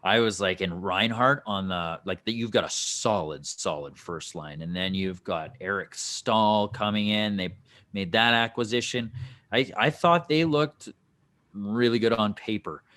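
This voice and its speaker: A man's voice: on the low side, a little slow, fairly bright tone. A man co-hosting a casual sports podcast, rambling through his points with restarts and light jokes. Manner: rambling, full of fillers and restarts, joking. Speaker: podcast co-host.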